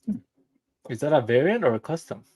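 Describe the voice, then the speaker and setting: A man's voice: a little high, big pitch swings, brisk, darkish tone, slightly rough, no echo. Laid-back enthusiastic man, dry sound. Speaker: guest. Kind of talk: casual chat about toys.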